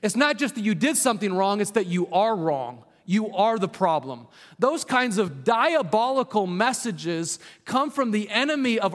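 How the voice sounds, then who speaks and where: A man preaching a sermon as a pastor, earnest, sometimes dropping to a hushed voice for emphasis. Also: sits high. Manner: earnest, drops to a hushed voice on key points. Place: church hall with long reverb. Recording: reverberant church hall.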